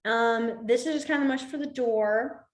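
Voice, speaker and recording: A young woman teaching a beginner sign language class over a video call from home, chatty and rambling, her voice dropping low and quiet as she shows each sign. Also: normal speed, roomy sound. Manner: chatty, drifts into asides, trails off quietly while demonstrating signs. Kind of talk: casual online class instruction. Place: room at home with a window. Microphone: computer mic on a video call.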